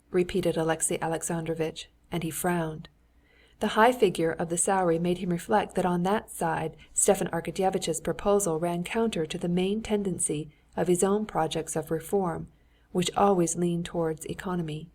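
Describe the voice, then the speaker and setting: Woman audiobook narrator, low-pitched, measured, for literary fiction. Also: fairly even intonation, darkish tone. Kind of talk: scripted narration.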